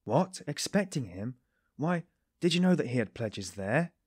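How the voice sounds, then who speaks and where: A man reading an audiobook, voicing an excitable young male friend who bursts out high and loud. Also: unhurried, breathy edge, no room sound, studio quality. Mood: excited.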